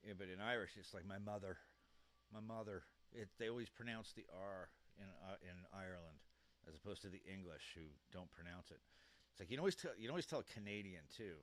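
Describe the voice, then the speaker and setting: A man's voice: low voice, animated, quick pace, fairly bright tone. A man hosting a live stream at home on a dynamic microphone, chatting casually in a rambling way, chuckling often and trailing off mid-sentence. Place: home room with a computer fan.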